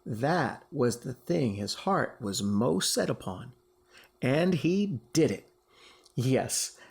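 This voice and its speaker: A man, a teacher, reading a storybook aloud with expressive, emphatic delivery. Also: mid-range voice, vocal fry, slightly rough.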